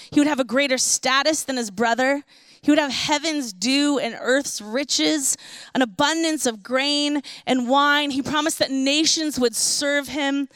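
High-voiced woman telling a sermon story. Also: fairly bright tone, dry recording. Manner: conversational retelling, slows down for emphasis. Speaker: preacher.

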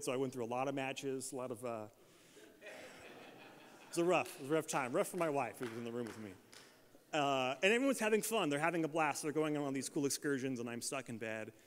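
An American man preaching a sermon, telling a funny travel story with self-deprecating humor before turning to scripture. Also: mid-range voice. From United States. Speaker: pastor. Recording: long reverb of a large hall.

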